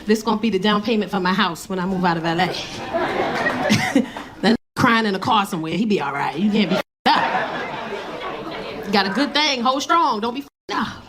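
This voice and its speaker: A middle-aged woman performing a stand-up set with brash, profane, animated storytelling. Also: mid-range voice, moderate pace, pauses often. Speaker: stand-up comedian. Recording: live room with noisy crowd.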